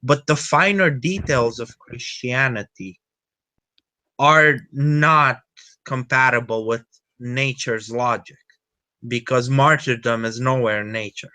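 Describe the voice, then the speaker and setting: A man's voice: mid-range voice, slow, sharp tone. A man from Romania, holding forth in a casual group podcast chat. He lectures with frequent restarts and hesitations.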